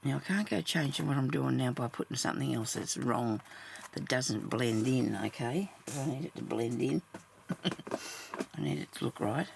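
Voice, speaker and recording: A woman who makes craft videos, chatting casually to herself while she sews and mumbling, with her voice often dropping into soft half-whispers. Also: very deep voice, expressive, normal speed, creaky, slight background noise. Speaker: craft vlogger. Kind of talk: casual talk while stitching.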